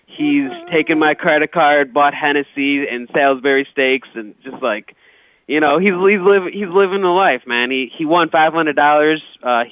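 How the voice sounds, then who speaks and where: On a tinny phone line, a guest comedian shares rambling, casual stories meant to be funny, stumbling and restarting his sentences. He speaks at a normal speed in a voice that sits on the high side.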